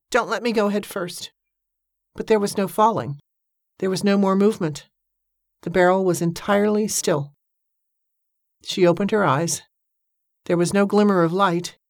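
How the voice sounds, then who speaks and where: The scripted audiobook narration comes from a woman whose voice sits on the low side, and she keeps the storytelling measured and steady. It's recorded dry, with clean studio sound.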